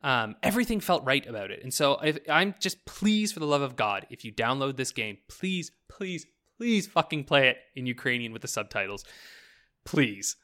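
A man's voice: medium pitch, normal speed. Rambling Canadian man chatting about games. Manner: rambling, swearing, animated, breaks into mock voices. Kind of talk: casual chat about video games.

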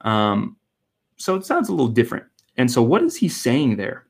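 A man's voice: mid-range voice, wildly swooping pitch, moderate pace. A man preaching a sermon, explaining scripture in an earnest way and asking rhetorical questions. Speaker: pastor.

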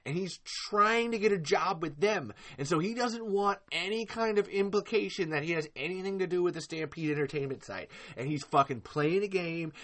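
A high-pitched young man with a sharp, bright voice delivers a furious live-stream rant. He swears over and over, stumbles and restarts, and swings between yelling and muttering. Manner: furious, profane, repeating curses, trailing off. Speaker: podcast host.

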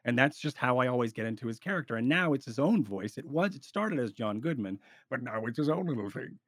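A man in casual podcast chat giving roleplay advice, rambling and animated, with frequent restarts. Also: medium pitch, fast talker, dry recording, studio quality.

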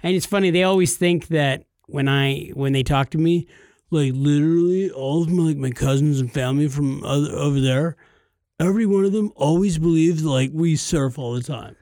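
Gravelly man in casual chat. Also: a little high, normal speed, dark tone, dry recording, studio quality. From California. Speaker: podcast co-host.

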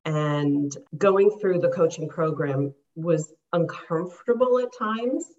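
A woman's voice: sits low, slow, darkish tone. Earnest woman life coach, lo-fi sound. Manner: earnest, reflective. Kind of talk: interview answers.

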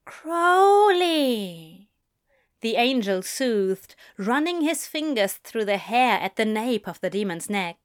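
A woman narrating a fan fiction story in a soft, gentle storytelling manner. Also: mid-range voice, measured pace, hardly any pauses, smooth. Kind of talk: audiobook fan fiction reading.

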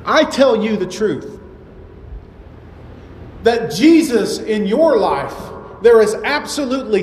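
A man's voice: high-pitched, darkish tone. A male pastor preaching a sermon, emphatic and full of repeated rhetorical questions. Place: church sanctuary. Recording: echoey hall with faint ambience.

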